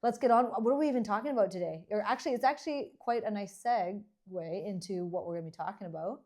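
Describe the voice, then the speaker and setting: A middle-aged woman from Canada, co-hosting a podcast in casual chat, dry and teasing, quick to laugh. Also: mid-range voice, darkish tone. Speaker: podcast co-host, dentist.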